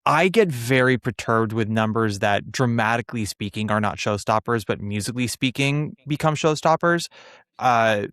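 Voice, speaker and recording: A man's voice: mid-range voice, moderate pace, no room sound, clean studio sound. Opinionated man chatting about theater. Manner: opinionated, animated, trails off and restarts. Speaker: podcast host. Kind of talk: casual chat about theater.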